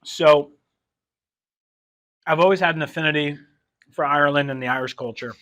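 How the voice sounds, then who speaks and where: Bright-toned chatty male teacher. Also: a little high, moderate pace, muffled recording. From New Jersey. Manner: jokey, chatty, rambling. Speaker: teacher interviewing a student. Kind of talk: casual chat over wings.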